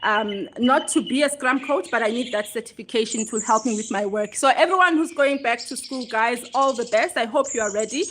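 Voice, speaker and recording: A woman's voice: on the high side, fairly quick, few pauses, a bit bright, slight background noise. A woman in her forties, a bit out of breath, hosting a casual livestream chat into her phone and greeting viewers by name. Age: 40s. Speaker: livestream host. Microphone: phone held close.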